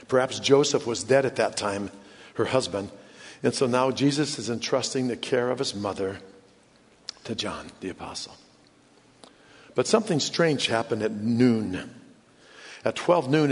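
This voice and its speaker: A man preaching a sermon in an earnest way, often dropping to hushed low tones for emphasis. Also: breathy edge. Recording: long hall reverb.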